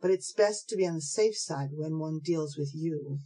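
A woman voicing a gruff, surly male housebreaker who talks bluntly in rough slang, in a storybook reading. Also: deep voice, moderate pace, dark tone, rough recording.

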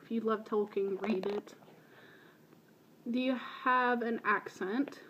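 A woman's voice: fairly high pitch, fairly even intonation, slow, a bit bright, slightly rough, muffled recording. A woman in her early twenties from Baltimore, with a light, shifting Baltimore accent, chatting casually through a voice meme with self-deprecating asides. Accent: light Baltimore American, drifting. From Baltimore, USA. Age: early 20s. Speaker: video blogger. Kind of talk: casual voice meme answering questions.

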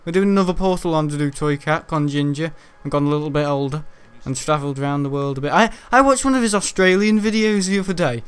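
A young man chats loosely over his gameplay, drifting from topic to topic and dropping mild swears as he goes. His voice is smooth and clear and sits a little high for a man. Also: quick pace, few pauses. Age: young adult. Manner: chatty and rambling, frequent mild swearing. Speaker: gaming YouTuber. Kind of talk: casual gameplay commentary.

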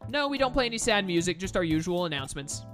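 Man reading anxious polite manager, video game, pitched up a bit, faint music. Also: big pitch swings, fast, a bit bright. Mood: worried. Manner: polite, worried, pleading. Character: fretful middle-aged male aquarium manager.

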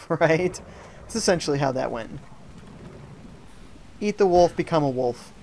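A man's voice: on the high side, expressive, a little slow, creaky, long pauses, a little mellow, a little hiss or hum. A man giving live commentary on a video game, joking and reading viewer chat aloud from home. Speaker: gaming streamer. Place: at home during a rainstorm.

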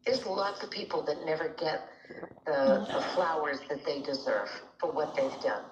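A middle-aged woman therapist speaking over a phone line, soothing and gently persistent. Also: deep voice, animated, normal speed, background noise. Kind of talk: phone counselling.

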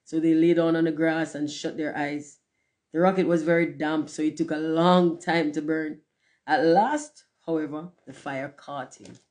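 A storyteller reading a storybook aloud in a steady, measured way. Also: mid-range voice. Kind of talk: storybook read-aloud narration.

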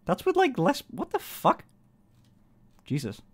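A man's voice: extremely high pitch, huge pitch swings, a little slow. A man in his twenties chatting casually on a live stream, swearing freely, laughing often and rambling in a self-conscious way. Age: 20s.

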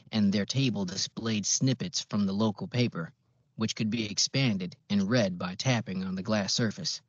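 Low husky guy reading an audiobook, steady, dull dry lo-fi sound. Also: no room sound. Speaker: audiobook narrator. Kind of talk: scripted narration.

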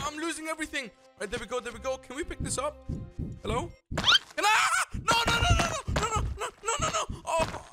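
Young male gaming YouTuber, high-pitched, excitable let's-play commentary, loud backing music. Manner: hyped, excitable, shouts when surprised.

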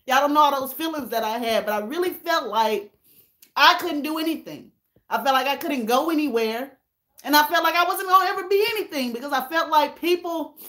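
A woman with a high, fairly bright voice vlogs about her own life. She speaks straight to her viewers in an earnest, emotional way, often repeating herself.

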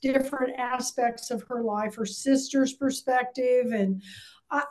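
Woman in her sixties, book club host on a video call, chatty and eager, high, mellow voice. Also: fairly even intonation, unhurried. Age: 60s. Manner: chatty and enthusiastic. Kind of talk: casual video call chat.

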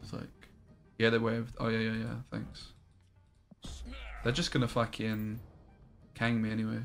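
A man's voice: fairly low pitch, completely flat delivery, unhurried, vocal fry, soft background music. A man, casually commentating his card game and chatting with viewers, swearing now and then.

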